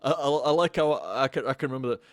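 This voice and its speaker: A drunk young male streamer rambles through a live stream, stumbling over his words and swearing freely. His voice sits at an ordinary middle pitch and sounds close and dry, with no room around it. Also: quick pace, no room sound. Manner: rambling, sweary, stammers and repeats himself. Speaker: game streamer.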